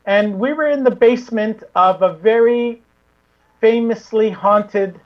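A woman's voice: a little high, measured pace. Woman, guest, paranormal investigator, rambling, restarts, muffled lo-fi sound. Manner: rambling, with many restarts and fillers. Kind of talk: casual interview chat.

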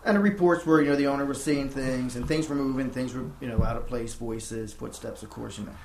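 A man's voice: mid-range voice, brisk, vocal fry. A man telling a short investigation story in a matter-of-fact way. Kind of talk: casual chat. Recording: roomy with faint background noise.

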